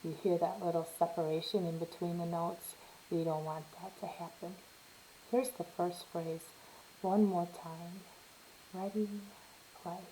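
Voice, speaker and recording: A woman's voice: lowish voice, steady tone, normal speed, background noise. A woman teaching a step-by-step piano lesson, patiently explaining and counting beats aloud while she plays. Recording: soft piano playing behind her.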